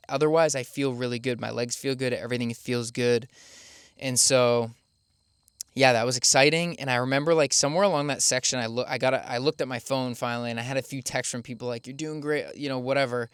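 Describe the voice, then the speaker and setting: Chatty man with a smooth dry voice. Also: mid-range voice, fairly bright tone, no echo. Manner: chatty, filler-heavy, laughs at himself. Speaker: podcast host recounting his race. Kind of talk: casual storytelling.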